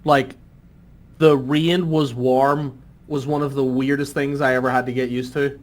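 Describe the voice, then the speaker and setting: A young Irish man chatting casually on a podcast, animated and swearing freely. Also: medium pitch, measured pace. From Ireland. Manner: animated, swears freely, jumps into exaggerated voices. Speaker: podcast guest.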